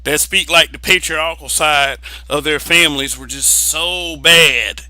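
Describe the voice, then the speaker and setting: A young man rants bluntly in a casual opinion monologue, swearing freely and doubling up words when he drives a point home. His voice sits a little high and cuts through with a hard, bright edge. The sound is dry and close, with no room around it. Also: a little slow, dry recording, poor audio. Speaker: vlogger giving opinions.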